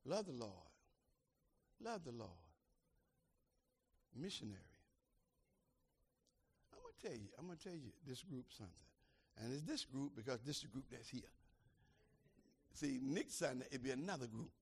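An older man preaching a sermon as pastor, swinging from shouted climaxes to quiet, conversational asides. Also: medium pitch, big pitch swings, normal speed, long pauses, slightly rough.

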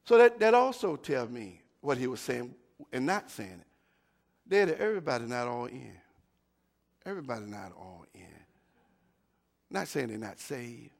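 A man preaching a sermon, calling out to his congregation, repeating himself and building up to shouts. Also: medium pitch, big pitch swings, moderate pace, vocal fry, long pauses. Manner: call-and-response, rising to shouts; repeats words and restarts often.

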